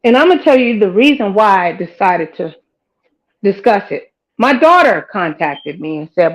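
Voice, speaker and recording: A middle-aged woman hosting her own channel, rambling and preaching straight to her viewers in a casual, animated way. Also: medium pitch, moderate pace, low-quality recording. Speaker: host of her own live-commentary channel.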